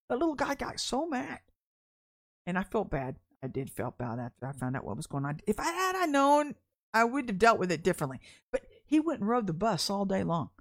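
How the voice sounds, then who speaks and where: A woman preacher, telling a personal story in a candid, chatty sermon and laughing often. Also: a little high. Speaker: deliverance minister.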